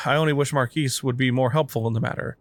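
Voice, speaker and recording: A man reading aloud the lines of a gentle woman priest in a fantasy game, in a plain, even voice. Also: mid-range voice, fairly quick, no room sound, close to an everyday voice. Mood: earnest. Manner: reads quest text aloud in a plain, even voice.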